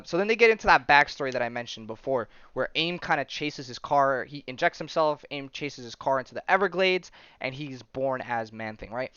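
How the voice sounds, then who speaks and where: A man's voice: medium pitch, a bit bright, smooth, dry recording, highs cut off. A man from Florida hosting a podcast, recapping a comic in a rambling casual way full of fillers and checks like "right?". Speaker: podcast host.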